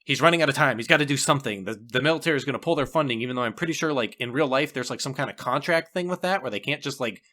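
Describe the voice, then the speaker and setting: Fast, bright-voiced man reviewing a movie. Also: medium pitch. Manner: swearing, animated, mocks scenes with quick put-on quotes. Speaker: podcast co-host. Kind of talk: casual movie review chat.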